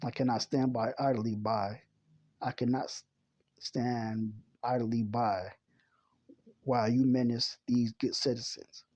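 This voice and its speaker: A man's voice: mid-range voice, fairly even intonation, a little mellow, dry recording. A man voicing a cocky young boy superhero while reading a comic aloud, in his own plain voice. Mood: boastful. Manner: read in the reader's plain voice, unhurried.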